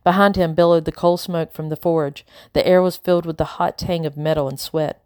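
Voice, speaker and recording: A woman narrating a novel in the first person, measured and unhurried. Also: deep voice, steady tone, darkish tone, smooth, no echo, studio quality. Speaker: audiobook narrator.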